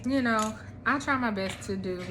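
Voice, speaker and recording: A woman in her thirties talking casually to camera at home, relaxed and rambling with lots of ums. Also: a little high, moderate pace, background noise. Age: 30s. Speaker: vlogger. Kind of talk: casual chat.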